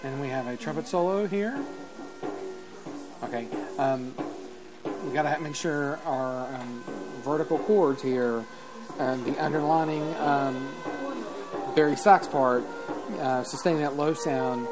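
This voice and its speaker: A man giving live spoken feedback as a music judge, halting with many fillers and singing rhythms out as syllables. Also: medium pitch. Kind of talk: live spoken adjudication over a performance. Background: loud marching band music.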